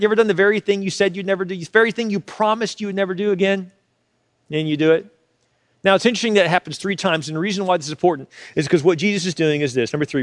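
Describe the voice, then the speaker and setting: A man preaching a sermon as a pastor, swinging from loud, urgent pleas to hushed, low asides, often repeating words as he builds. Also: dry recording, studio quality. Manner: repeats words and restarts when fired up.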